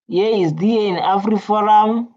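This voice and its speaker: A woman's voice: medium pitch, normal speed, darkish tone. A woman giving rambling, chatty reaction commentary, often repeating her words. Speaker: reaction video host. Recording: slightly muffled lo-fi recording.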